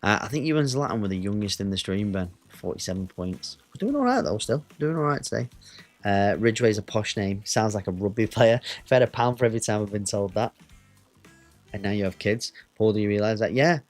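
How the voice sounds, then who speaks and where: A man's voice: fairly low pitch, a little fast, darkish tone, faint music behind. A man, chatting casually and swearing as he streams a racing game. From Northwest England. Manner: chatty, banters with chat, swears. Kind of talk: casual gaming stream chat.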